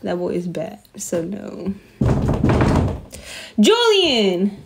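A woman's voice: mid-range voice, moderate pace, over loud music. A young woman, chatting on a phone live stream from her bedroom, with lots of fillers and laughter. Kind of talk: casual live-stream chat.

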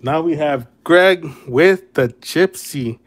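A man's voice: on the high side, takes it slowly. A man hosting a casual livestream card break, laid-back and friendly with viewers, calling them brother and man. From Chicago area.

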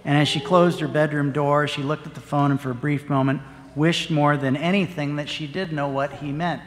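A parish priest giving a sermon, telling a story in an earnest, measured way. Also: male voice, fairly high pitch, fairly even intonation. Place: church. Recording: long church reverb.

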